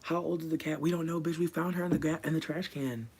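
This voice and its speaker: A livestreamer chatting casually from a room at home, rambling and swearing, swinging between quiet mutters and loud bursts. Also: medium pitch, fairly even intonation, fast, husky.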